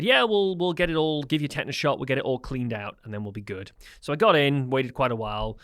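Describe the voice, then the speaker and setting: A man's voice: medium pitch, fairly bright tone, dry recording, studio quality. Tired-sounding man telling a story. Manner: storytelling, self-deprecating. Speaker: podcast co-host. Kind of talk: casual chat.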